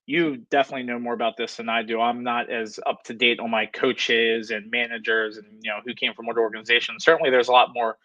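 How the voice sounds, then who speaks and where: A man hosting a casual sports chat, talking fast and animated about his team. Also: medium pitch, no echo. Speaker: podcast host. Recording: dull, lo-fi, dry sound.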